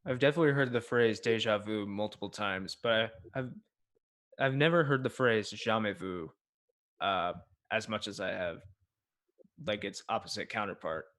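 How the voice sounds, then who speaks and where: A man's voice: lowish voice, moderate pace, a bit bright. A man hosting a casual late-night livestream, chatting in a friendly, appreciative, rambling way. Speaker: livestream host.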